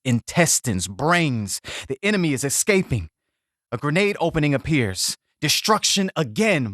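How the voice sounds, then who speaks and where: A man reading a veteran's war essay aloud as scripted narration, grave and measured in short clipped phrases. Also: medium pitch, no room sound, studio quality.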